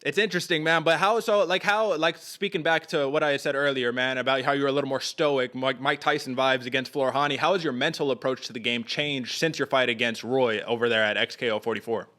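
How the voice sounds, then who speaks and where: A man's voice: mid-range voice, fairly even intonation, fairly quick, few pauses, pushed and bright. A man from California hosting a podcast interview, chatting casually in laid-back slang with many fillers. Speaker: podcast host.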